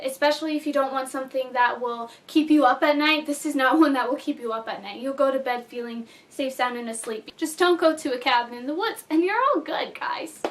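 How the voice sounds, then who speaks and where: A woman reviewing a movie in a casual vlog, bubbly and chatty, often breaking into giggles. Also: high-pitched.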